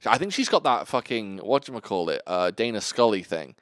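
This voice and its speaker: A man co-hosting a casual podcast chat about films, animated and swearing freely, laughing easily. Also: fairly low pitch, a little fast, no room sound, clean studio sound. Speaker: podcast co-host.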